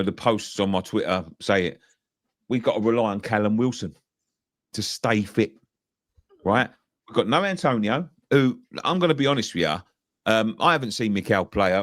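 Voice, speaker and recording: A man's voice: on the low side, a bit bright, no room sound, studio quality. A man co-hosting a football fan show, making his points emphatically and repeating himself for stress. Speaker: fan channel co-host. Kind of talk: casual football opinion chat.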